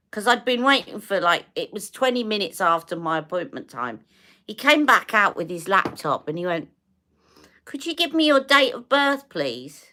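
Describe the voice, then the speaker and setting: A woman's voice: lowish voice, pushed and bright. A middle-aged British woman chatting casually on a live stream, telling a long story with exasperation and acting out the dialogue. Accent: British English. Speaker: beauty live-stream host.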